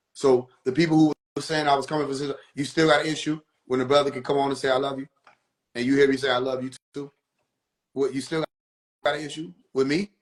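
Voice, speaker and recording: This man, speaking in a mid-range voice, hosts a live stream of casual spiritual instruction delivered preachily. He returns to the same points repeatedly and questions his audience.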